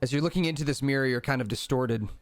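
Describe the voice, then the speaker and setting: A man's voice: mid-range voice, fast, no room sound. A man narrating a tabletop game as game master, casual and rambling with many fillers.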